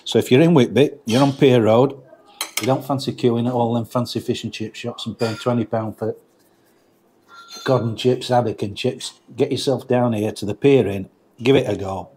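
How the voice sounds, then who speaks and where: A man's voice: medium pitch, fairly even intonation, normal speed, a little mellow, a little hiss or hum. A middle-aged man, chatting casually to viewers as his mates while reviewing a pub meal on camera. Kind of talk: casual food review vlog. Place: pub dining area.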